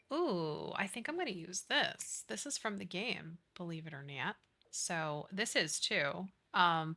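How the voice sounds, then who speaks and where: A woman streamer chatting casually while she plays, gushing and excitable, with gasps and baby talk. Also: on the low side. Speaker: game streamer. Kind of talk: casual live-stream chat while playing.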